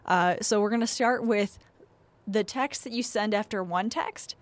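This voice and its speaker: A woman's voice: mid-range voice, unhurried, dry recording. A woman co-hosting an advice podcast in frank, chatty casual talk, laughing easily. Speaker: podcast co-host giving advice. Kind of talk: casual chat.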